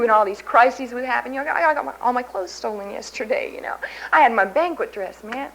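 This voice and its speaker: A woman from Kansas speaks at a podium mic in a large convention hall, sharing her recovery story. Her voice sits a little high, and her candid, self-mocking way of talking is broken often by laughter at herself. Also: quick pace, fairly bright tone, slight background noise. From Kansas, USA. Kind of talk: personal recovery testimony.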